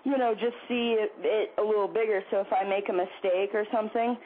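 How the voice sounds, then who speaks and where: A man's voice: sits high, fairly even intonation, brisk. A young man calling in to a show, easygoing and hesitant, with lots of fillers. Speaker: caller. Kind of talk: phone call chat. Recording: tinny phone line with faint noise.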